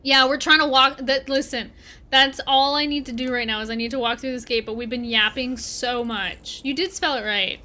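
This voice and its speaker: High, bright-voiced woman streamer. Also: steady tone, moderate pace. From Canada. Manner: rambling, chatty, answers chat aloud. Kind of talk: casual livestream chat while gaming.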